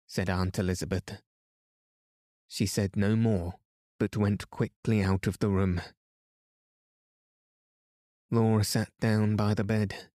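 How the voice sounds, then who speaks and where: A man reads a bedtime story aloud in a slow, hushed way, meant to lull listeners to sleep. His voice is low and mellow, and the sound is dry and close. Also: level tone, no room sound. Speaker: podcast narrator.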